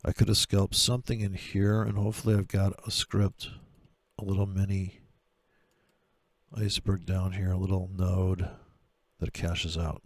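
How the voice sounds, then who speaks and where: Low gravelly guy cussing thru his trading charts, sarcastic, dry close sound. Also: level tone, normal speed, long pauses, no echo. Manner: profane, sarcastic ranting. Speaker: trader. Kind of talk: screen-share trading commentary.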